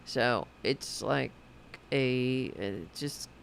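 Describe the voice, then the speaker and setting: A woman's voice: very deep voice, extremely slow, gravelly, a little hiss or hum. A middle-aged woman hosting a podcast, chatting casually to her live audience, rambling and self-mocking, swearing freely. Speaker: podcast host. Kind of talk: casual late-night livestream chat.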